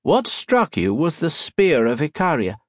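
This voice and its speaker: A man's voice: a little high, very animated, dry recording, studio quality, pitched above the performer's own voice. A man voicing a stern woman sub captain. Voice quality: slight unfamiliar accent. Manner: formal, measured and authoritative. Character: stern commanding female submarine captain.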